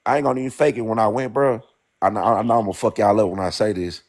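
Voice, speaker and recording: A man's voice: on the low side, steady tone, rapid-fire. A man from St. Louis with a Black American St. Louis accent, arguing insistently and repeating himself in a heated casual debate. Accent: St. Louis African American English. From St. Louis, USA. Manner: insistent, repetitive, peppers lines with "bro".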